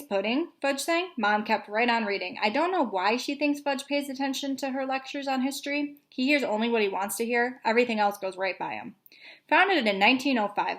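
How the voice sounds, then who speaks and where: Young teacher, storytime read-aloud for kids, relaxed and casual, woman. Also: on the high side. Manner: casual, with fillers. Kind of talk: reading a chapter book aloud to children.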